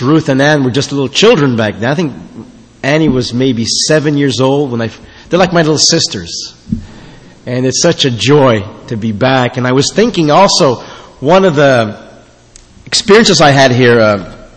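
Middle-aged guest preacher in a reverberant church. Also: male voice, on the high side. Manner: warm storytelling with fillers, turning quiet and earnest in prayer. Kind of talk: sermon. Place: church sanctuary. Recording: long reverb in a church hall.

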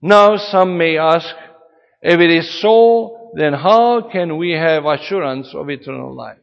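A man's voice: a little high, animated, slow pace, creaky. A man preaching a sermon in an earnest, emphatic way, his delivery rising and falling for emphasis. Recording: dull reverberant hall sound.

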